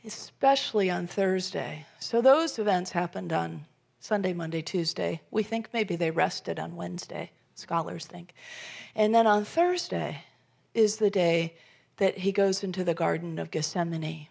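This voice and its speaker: A woman preaching a sermon, telling the story with animated voices, rising to loud emphasis and dropping to soft near-whispers. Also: lowish voice, unhurried, creaky. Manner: animated storytelling, acting out Jesus' lines. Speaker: pastor.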